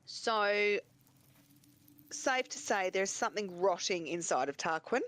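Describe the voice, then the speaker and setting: A woman at a tabletop game muses aloud about what she sees, in a casual, mid-pitched voice. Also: lively intonation, measured pace, a bit bright, no echo.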